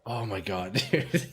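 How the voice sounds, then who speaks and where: Male streamer, young adult, animated pitch, foul-mouthed live chat. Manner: swears a lot, laughs and rambles to chat. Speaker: game streamer. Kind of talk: live gameplay chat with viewers.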